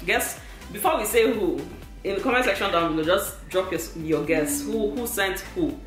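A woman's voice: mid-range voice, normal speed, echoey room, over music. A young woman, teasing and laughing as she chats with her partner. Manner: teasing, laughing, lively storytelling. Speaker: vlogger. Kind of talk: casual couple chat.

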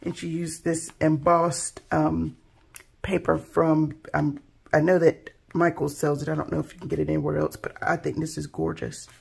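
A woman's voice: low-pitched, little pitch movement, normal speed, vocal fry, a little hiss or hum. A woman hosting a craft channel, chatting casually and admiringly as she unboxes handmade gifts. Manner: soft-spoken, gushing, admiring.

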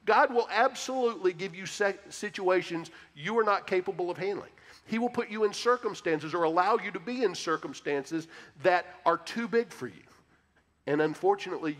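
A man's voice: sits high, expressive, normal speed, fairly bright tone. A male pastor giving an earnest, emphatic answer to a congregation's question in a church sanctuary. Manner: earnest, emphatic preaching, speaks straight to the congregation. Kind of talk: sermon-style Q&A answer. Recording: long church-hall reverb.

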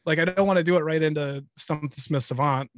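A man co-hosting a live podcast, answering in wry, clipped bursts and swearing now and then. His voice sits a bit high and sounds dry and close to the mic. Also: fairly quick, dry recording. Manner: wry, short replies, swears. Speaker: podcast co-host. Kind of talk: casual live podcast chat.

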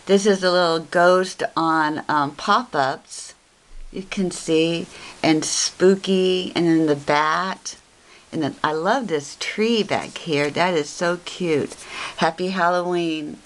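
A woman with a lowish voice talks slowly and unhurriedly through a casual craft unboxing. She gushes over each piece and keeps saying how cute it is. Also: fairly even intonation. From Texas. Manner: gushing, repeats "cute" often. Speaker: craft vlogger. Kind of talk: casual unboxing show-and-tell.

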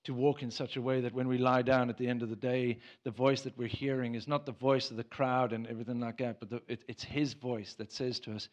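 A pastor delivers an earnest, direct sermon in church, his voice pitched in the middle range. He talks fairly quickly with a flat delivery and few pauses, stumbling through restarts before pushing into emphatic bursts. The service recording sounds slightly dull.

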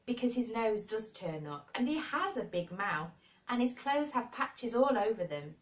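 A woman's voice: fairly high pitch, big pitch swings, voice pushed up. A woman voicing a blunt, plain-spoken girl who talks frankly and earnestly. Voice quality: frank and brisk. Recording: roomy and distant.

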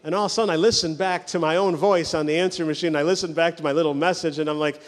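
A male pastor preaching a sermon, telling stories with quick mimicry of the people in them. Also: on the high side, fairly even intonation, in a large hall.

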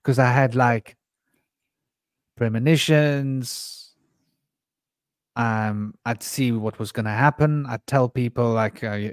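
A man's voice: mid-range voice, a little slow, long pauses, no echo. Male host, meandering anecdotal storyteller, dry close sound. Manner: rambling anecdotal storyteller, restarts and asides. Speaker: podcast host. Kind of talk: candid storytelling conversation.

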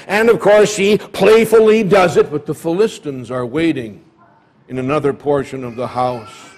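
A man's voice: high-pitched, measured pace. A man preaching a sermon in a church, retelling a story dramatically. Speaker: pastor.

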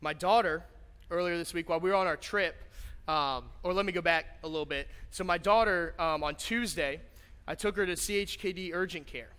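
A man's voice: high voice, brisk, smooth. A young man preaching a sermon, telling a personal story in a conversational, joking way that builds to fervent appeals. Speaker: pastor. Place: church auditorium. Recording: church hall reverb with soft guitar.

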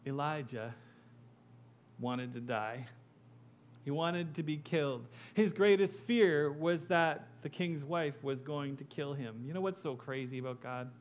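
A male pastor delivering an impassioned sermon, building to loud emphatic peaks and dropping quiet. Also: a little high, unhurried, slight background noise.

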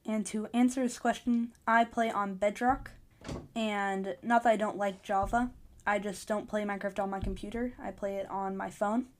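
A podcast host reading a short adventure story aloud in an eager storytelling manner. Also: female voice, medium pitch, fairly even intonation, normal speed. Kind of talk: storybook narration.

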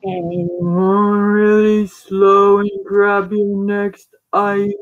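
A woman's voice: medium pitch, fairly even intonation, slow. Chatty woman co-hosting a live stream. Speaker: co-host of live sale. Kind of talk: casual live stream chat. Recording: dull, lo-fi audio.

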